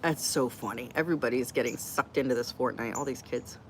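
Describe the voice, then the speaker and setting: A woman's voice: a bass voice, brisk, a little hiss or hum. A middle-aged woman hosting a casual live Q&A, chatty, blunt and joking as she reacts to comments from her viewers. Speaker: livestream host answering chat.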